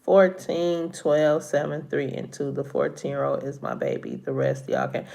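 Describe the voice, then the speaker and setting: A woman's voice: sits low, expressive, normal speed, gravelly, warm tone. A middle-aged woman chatting casually with viewers on a live stream, laughing often, a little congested from allergies.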